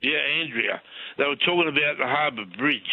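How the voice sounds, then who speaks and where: A man with an Australian accent calling in to a radio show, friendly and rambling with many pauses. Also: mid-range voice, breathy edge, dry recording. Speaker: caller. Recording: tinny phone line, dry.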